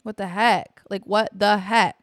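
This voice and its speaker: A young adult woman hosts a podcast, chatting casually and candidly in a rambling storytime style, with lots of fillers and swearing. Her mid-range voice has fairly even intonation and a measured pace. The studio-quality recording has no echo.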